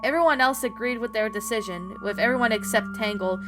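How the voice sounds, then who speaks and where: A woman narrating a story in a plain, steady reading voice with small slips. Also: on the high side, fairly quick. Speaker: story reader. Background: background music.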